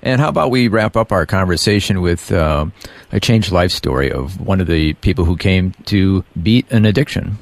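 A man interviewing a guest on the radio, asking measured questions and adding short affirmations. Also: deep voice, lively intonation, no echo.

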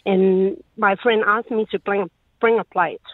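A woman's voice: medium pitch, steady tone, measured pace, no echo. A woman from Hong Kong calling in with a sheepish story. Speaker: caller. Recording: tinny phone line.

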